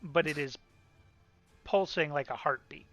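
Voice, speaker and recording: A man running a tabletop game as dungeon master, describing scenes and calling for rolls in a relaxed way. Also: on the high side, measured pace, faint music behind.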